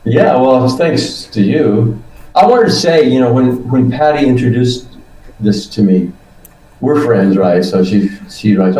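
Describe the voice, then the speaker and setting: A man in his seventies talks in a loose, rambling way, acting out his own reactions and dropping the odd swear word. His voice is dark and mellow, and it sits back from the mic in a room with a strong echo. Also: medium pitch, expressive, a little slow, recorded from a distance. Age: 70s. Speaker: guest. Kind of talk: casual testimonial chat.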